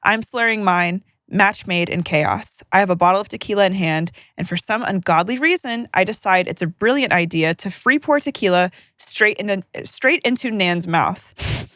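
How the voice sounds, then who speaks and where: A woman co-hosting a podcast, reading listener stories aloud with joking, animated banter. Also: mid-range voice, normal speed, dry recording, clean studio sound. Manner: animated, joking, laughs mid-sentence. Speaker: podcast co-host.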